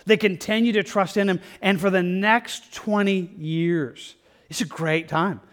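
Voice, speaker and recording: A pastor preaches a verse-by-verse sermon in an earnest, conversational manner, restarting sentences and tossing in "like" asides. His voice sits high, steady in tone and unhurried.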